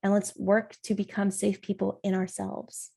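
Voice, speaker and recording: A woman's voice: medium pitch, little pitch movement, normal speed, gravelly, mellow, slightly rough. A middle-aged woman hosting a parenting podcast, talking alone in an earnest, encouraging way. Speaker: parent coach and podcast host. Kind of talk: solo podcast talk.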